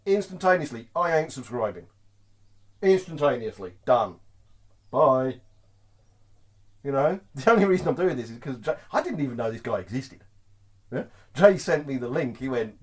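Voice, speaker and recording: A man's voice: medium pitch, normal speed, pauses often. A man vlogging as a truck driver, ranting casually to camera, often laughing and checking in with the viewer. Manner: lively, keeps asking "Yeah?" to the viewer; laughs often between points.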